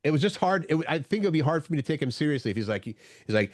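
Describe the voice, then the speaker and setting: A man's voice: on the high side, very animated, very fast, dry recording. A man co-hosting a morning show, chatting casually and searching for his words as he rambles along. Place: radio studio.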